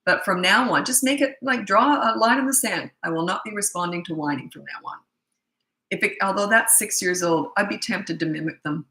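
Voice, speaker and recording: A woman's voice: medium pitch, fairly quick, pushed and bright, reverberant, poor audio. A middle-aged woman coaching parents in a casual Q&A, blunt, emphatic and repetitive. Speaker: parenting coach answering viewer questions. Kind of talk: casual live Q&A.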